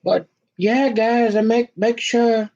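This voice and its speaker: A man from Minnesota rambles through a comic rant in a folksy way, often dropping into a mock-deep voice to make a point. His everyday voice sits high for a man. The recording sounds dull and lo-fi. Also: fairly even intonation, takes it slowly, darkish tone. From Minnesota, USA. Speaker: vlogger.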